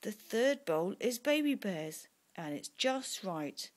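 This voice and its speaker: A woman reading a bedtime story aloud to her young son, in a slow, lively storybook manner. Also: medium pitch.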